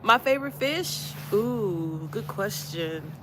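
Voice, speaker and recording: Slow-talking Southern woman hosting a live chat. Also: mid-range voice, lively intonation, noisy background. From Alabama, US South. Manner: easygoing, laughs often, repeats phrases. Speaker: livestream host. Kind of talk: casual livestream chat reading comments.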